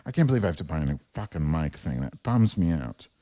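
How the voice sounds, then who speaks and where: This podcast host speaks with an extremely low, mellow voice that moves quickly and swings widely in pitch. Recording at home on a wireless lavalier, he delivers a rambling solo monologue full of profanity and self-mockery.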